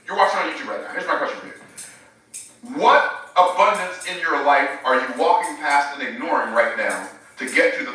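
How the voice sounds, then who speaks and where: A man preaching with emphatic, searching questions aimed at his viewers. His voice is bright and a little high, and it rings through a very echoey room while he stands well back from the mic. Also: far from the mic. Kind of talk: live-streamed sermon.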